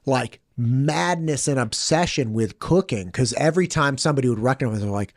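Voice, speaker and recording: A man's voice: medium pitch, no room sound. Chatty man with a dry studio sound. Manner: retells a film scene with quick acted quotes. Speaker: podcast host. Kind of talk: casual chat, animated storytelling.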